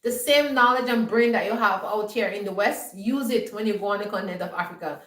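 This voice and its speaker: A woman's voice: medium pitch, a little fast, a bit bright, roomy sound, distant mic, low-quality recording. A woman vlogger giving an emphatic, scolding monologue and often checking that her viewers understand. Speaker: homestead vlogger. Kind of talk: lecturing monologue.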